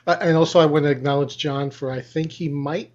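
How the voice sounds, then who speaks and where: A man's voice: fairly high pitch, fairly even intonation, a little fast, darkish tone. Playful man, dull lo-fi sound. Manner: playful, teasing. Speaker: panelist. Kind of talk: casual livestream chat.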